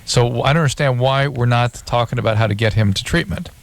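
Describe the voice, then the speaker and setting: A man's voice: mid-range voice, fast talker. A man co-hosting a call-in radio show as a physician, asking probing questions and explaining things clinically. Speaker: physician co-host.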